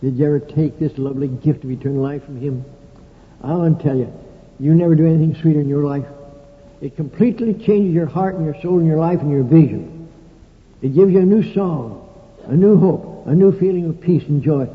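A man's voice: on the high side, brisk. An older man preaching a sermon in a folksy storytelling manner with dry humorous asides. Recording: tinny, echoey old hall recording.

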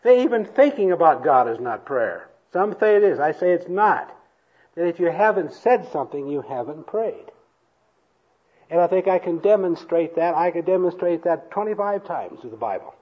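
A man preaching a sermon to a congregation, slow and emphatic, having them repeat lines after him. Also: on the high side, sing-song, slightly rough, lo-fi sound. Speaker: pastor. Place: church hall before a congregation.

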